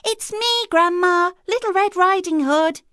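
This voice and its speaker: A woman voicing a trusting little girl in a storybook, speaking in a high, bright childlike voice. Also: measured pace, no room sound, clean studio sound. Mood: puzzled. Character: little girl in a red cloak, eager and trusting.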